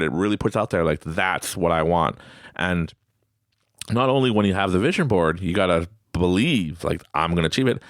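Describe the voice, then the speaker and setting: Low-voiced male host in his late 30s, animated motivational storyteller who slips into quoted voices. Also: no echo, clean studio sound. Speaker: podcast host. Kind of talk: motivational self-help talk.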